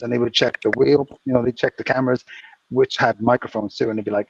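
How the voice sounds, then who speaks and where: A man co-hosting a casual podcast chat, telling animated casino anecdotes and acting out the quotes. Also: mid-range voice, fast, gravelly. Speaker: podcast co-host, former dealer. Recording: distant, dull lo-fi mic with faint noise.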